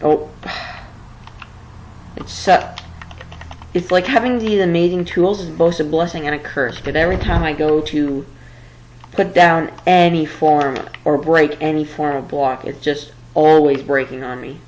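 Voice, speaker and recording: A woman's voice: sits low, steady tone, measured pace, darkish tone, slight background noise, poor audio. A woman giving casual let's-play commentary while building, rambling and a little flustered, tired late at night. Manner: rambling, flustered, self-deprecating. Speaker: gameplay commentator.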